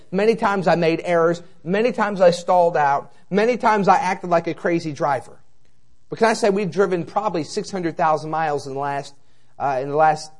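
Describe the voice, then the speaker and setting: A man in his thirties, a traveling evangelist, preaching a sermon with animated personal stories and conversational rhetorical asides. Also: on the high side.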